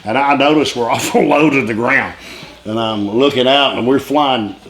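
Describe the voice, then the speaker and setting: A man's voice: mid-range voice, normal speed, fairly bright tone. A man telling wild stories in a casual interview, laughing often, swearing freely and jumping between tangents. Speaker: retired pro wrestler telling stories.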